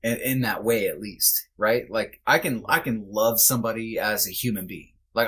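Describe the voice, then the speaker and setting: A man's voice: lowish voice, a bit bright, husky. A man guesting on a podcast, speaking candidly and reflectively with many restarts. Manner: earnest, halting, reflective with restarts. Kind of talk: candid conversation.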